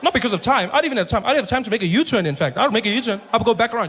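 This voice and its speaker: A man in his forties with a South African accent, telling a stand-up story with animated delivery. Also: very high-pitched, rapid-fire, background noise. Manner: animated storytelling, lots of voices. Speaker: stand-up comedian. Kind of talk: stand-up comedy.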